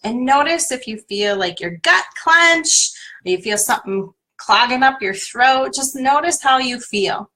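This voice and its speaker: Woman coach, bright voice, leads a tapping exercise and repeats a name for listeners to echo. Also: sits high, lively intonation, measured pace. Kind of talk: guided tapping exercise on a live stream.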